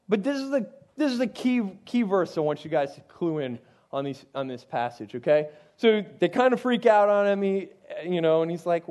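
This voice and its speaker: A youth pastor explains a Bible passage in a relaxed, chatty way, often turning aside to talk straight to his listeners. His voice sits notably high for a man. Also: normal speed. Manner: conversational, digressive, frequent asides to listeners. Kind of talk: casual Bible teaching.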